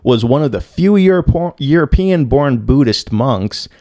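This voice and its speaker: A young man co-hosting a podcast, telling a story casually with lots of swearing and filler words and bursts of loud disbelief. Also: medium pitch, animated, moderate pace, dry recording, clean studio sound. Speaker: podcast co-host.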